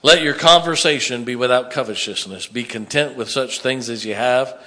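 A man preaching a sermon, dropping to hushed tones and rising to loud emphatic bursts. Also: medium pitch, moderate pace. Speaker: pastor.

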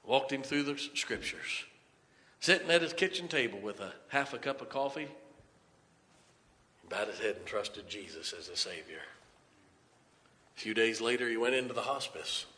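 A man's voice: mid-range voice, lively intonation, moderate pace, pauses often, sharp tone, long reverb tail. A male pastor preaching a sermon, telling a story and then urging the congregation. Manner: storytelling preacher, rises to emphatic exhortation. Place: church sanctuary.

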